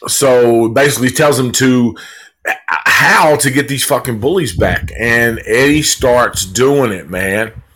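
A man's voice: medium pitch, slow pace, a bit bright, slightly rough, low-quality recording. A man hosting a live podcast, reviewing a movie in a laid-back, casual way, swearing freely and leaning on fillers. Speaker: podcast host reviewing a film.

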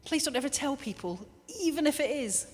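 A woman preaching a lively sermon, now and then acting out little quoted voices. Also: high voice, a little fast, slight background noise. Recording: long hall reverb.

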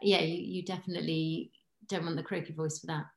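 Actress-impressionist, low voice, giggly chat, roomy echo. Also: female voice, flat delivery, fast talker, vocal fry. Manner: chatty, giggly, slips into impressions. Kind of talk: casual chat, podcast guest.

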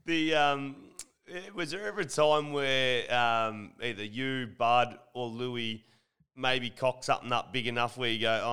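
A man's voice: medium pitch, unhurried, a bit bright, clear, resonant tone. An Australian man in his thirties hosting a casual interview, chatty and jokey with casual swearing. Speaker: podcast host, former footballer.

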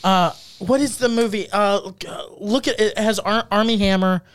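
A man's voice: high-pitched, fairly even intonation, normal speed, fairly bright tone, a little hiss or hum. A man co-hosting a podcast in casual chat, rambling and hunting for words with lots of fillers and swearing. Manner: rambling, searches aloud for words with many fillers and curses. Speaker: podcast co-host.

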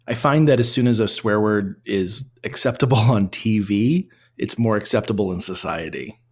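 A man's voice: fairly low pitch, moderate pace, a little mellow, slightly rough. A man interviewing people, curious and thoughtful, openly amused by the answers. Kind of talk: casual interview questions.

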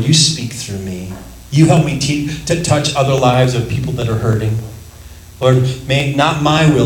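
Lively man teaching the Bible, echoey room. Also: mid-range voice, a little hiss or hum. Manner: lively, laughs often, acts out quoted voices.

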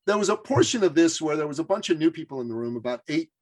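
A man, a coaching guest on a podcast, telling a story casually with animated delivery and frequent restarts. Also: a little high, very fast.

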